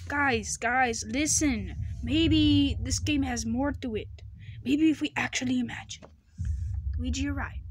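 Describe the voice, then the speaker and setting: A woman's voice: high voice, animated, moderate pace, slight background noise. A woman performing a goofy improvised toy skit, playfully switching between silly character voices.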